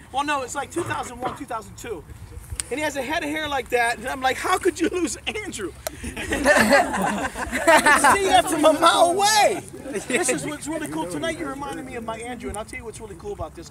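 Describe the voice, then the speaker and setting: A man preaching a sermon as a youth pastor, telling a story in an animated, emphatic storytelling style. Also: very high voice, far from the mic, rough recording. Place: youth event.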